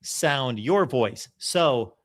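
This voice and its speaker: A man's voice: mid-range voice, extremely slow. A man hosting a college football channel, talking in a casual, emphatic live-stream monologue and acting out what others said. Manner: animated, emphatic, quotes others in voices.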